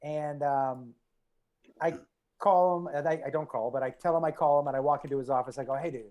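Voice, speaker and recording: A man casually telling a prank story with friends, animated and swearing, acting out what people said. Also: a little high, fairly quick. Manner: animated, swearing, acts out quotes.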